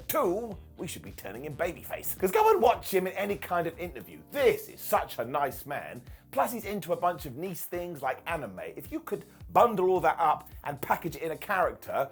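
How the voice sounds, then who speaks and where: A British man casually reviewing a wrestling show as its regular host, joking and putting on quick mock voices. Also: a little high, husky. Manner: animated, jokey, mock voices for quotes.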